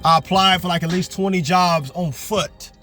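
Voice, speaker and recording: A young man delivers a fervent, repetitive sermon from inside his parked car. His voice sits high for a man, and faint music plays beneath his preaching. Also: fairly even intonation, moderate pace, sharp tone. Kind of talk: motivational sermon.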